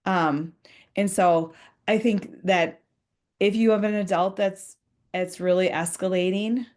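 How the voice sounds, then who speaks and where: A woman's voice: mid-range voice, steady tone, takes it slowly, a little mellow. A woman giving a conversational professional development talk to school leaders, earnest, acting out short example dialogues.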